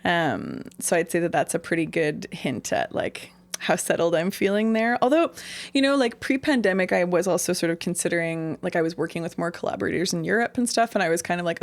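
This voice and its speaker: A woman's voice: fairly low pitch, sing-song, brisk. A woman from Canada, an interview guest, telling stories in a rambling casual way with many fillers. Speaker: interview guest, singer-songwriter.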